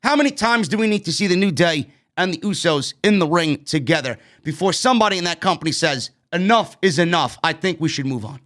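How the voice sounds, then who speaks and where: A man's voice: fairly high pitch, expressive, fairly quick, few pauses, fairly bright tone. A man with a New York accent giving a blunt, profane, exasperated review of a wrestling show. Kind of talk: profane ranting commentary.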